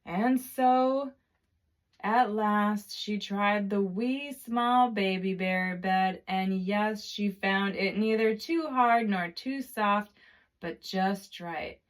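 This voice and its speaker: Slow, dramatic woman storyteller. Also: medium pitch. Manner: slow, drawn-out, dramatic repetitions. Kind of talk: expressive storybook narration.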